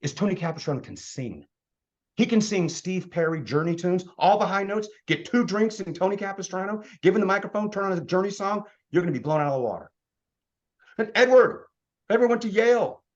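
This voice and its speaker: Energetic guy in his 50s doing a sales training talk, lots of rhetorical questions, slightly high voice. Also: brisk, lo-fi sound. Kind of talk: motivational business presentation.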